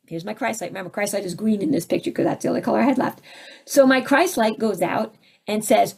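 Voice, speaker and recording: A middle-aged woman, a spiritual teacher and counselor, giving an animated talk full of rhetorical questions. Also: fairly high pitch, a little fast, vocal fry, slightly rough. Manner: animated, acts out quoted voices, rhetorical questions.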